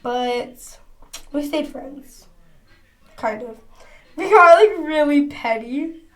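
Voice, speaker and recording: A woman's voice: sits high, expressive, slow pace. A woman telling a casual storytime to her phone camera at home, chatty and full of slang. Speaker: vlogger.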